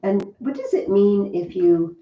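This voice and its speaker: A woman teaching a Latin class, chatty and lively, often asking the students questions. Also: mid-range voice, a little slow. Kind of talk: classroom lesson. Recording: distant, roomy, dull classroom recording.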